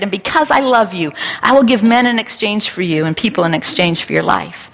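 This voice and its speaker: A woman's voice: mid-range voice, animated, a little fast, gravelly, hardly any pauses, long reverb tail. A woman pastor preaching a sermon with an earnest, repetitive cadence.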